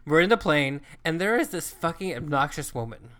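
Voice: medium pitch, animated, a little fast, fairly bright tone. A co-host telling a travel story in casual chat, swearing freely and acting out what people said. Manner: profane, chatty, acts out quoted lines.

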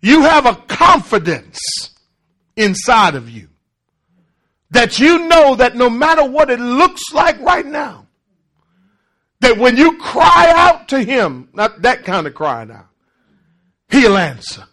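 A man preaching a call-and-response sermon, emphatic and repetitive, swinging from shouts to low murmurs. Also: big pitch swings, takes it slowly, pauses often. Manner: repeats and restarts words for emphasis.

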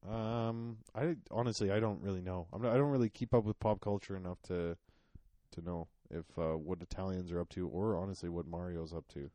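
Low-voiced man telling rambling stories. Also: brisk, mellow, dry recording. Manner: rambling storyteller, laughs often. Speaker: podcast co-host. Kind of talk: casual comedic chat.

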